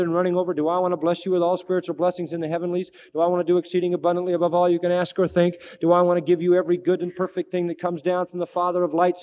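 A high-voiced man preaches an emphatic sermon, firing scripture references and questions at his listeners. His voice rings through a large hall with a long reverb. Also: a little mellow. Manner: emphatic, quoting scripture, asking the crowd questions.

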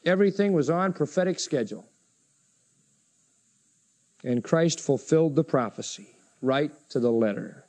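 A man's voice: animated, normal speed, long pauses, darkish tone. A male preacher giving a sermon, reading scripture dramatically and acting out the voices of the people he quotes. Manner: acts out quoted voices with big pitch swings.

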